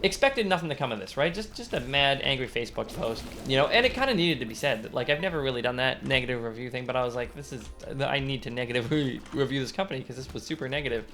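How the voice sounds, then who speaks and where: A man's voice: mid-range voice, quick pace, few pauses, a little hiss or hum. Rambling young man telling a story. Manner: rambling, animated storytelling with sudden outbursts at the game. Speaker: gaming commentator. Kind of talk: casual let's-play storytelling.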